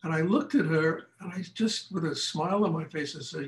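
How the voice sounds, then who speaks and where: A man's voice: fairly high pitch, a little fast, few pauses, roomy sound, low-quality recording. An older man, a meditation teacher, speaking frankly and telling stories in a lecture and question session after a class. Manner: frank, animated storytelling.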